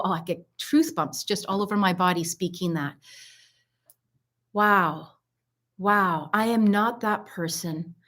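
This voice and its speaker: A middle-aged woman, a holistic health coach, leading a mindfulness exercise in a calm, earnest and encouraging way with gentle instructions. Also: mid-range voice.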